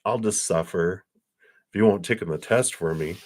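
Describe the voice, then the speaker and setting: A man's voice: moderate pace, a little mellow. A man putting on the voice of a sulky student who tries to guilt-trip someone into taking his test. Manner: high, sulky guilt-tripping voice.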